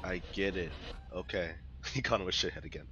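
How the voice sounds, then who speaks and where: A young man streaming his live reaction to a show, excitable and slangy, shouting in disbelief and swearing often. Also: deep voice, brisk, muffled recording, slight background noise. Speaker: streamer reacting to an anime episode. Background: show's soundtrack playing.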